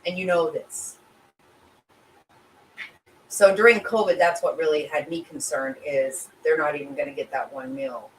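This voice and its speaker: A woman's voice: deep voice, moderate pace, pauses often, reverberant. A middle-aged woman hosting a casual livestream and reading viewers' comments, emotional and sympathetic, rambling with restarts. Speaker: livestream host reading chat. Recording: voice a bit distant from mic with faint ambient noise.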